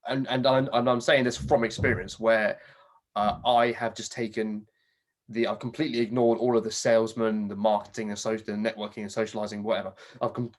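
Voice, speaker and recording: A man's voice: lowish voice, little pitch movement, fairly quick. A man hosting a podcast in casual chat, talking frankly with frequent swearing and restarts. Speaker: podcast host. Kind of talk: casual conversation.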